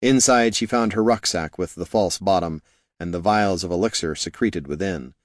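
A man narrating a fantasy novel in a steady, measured way. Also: low-pitched, no echo, clean studio sound. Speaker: audiobook narrator.

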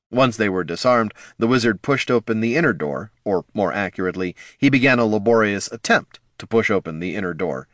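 A man narrating a fantasy story in a steady, expressive audiobook style. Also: deep voice, no echo, clean studio sound.

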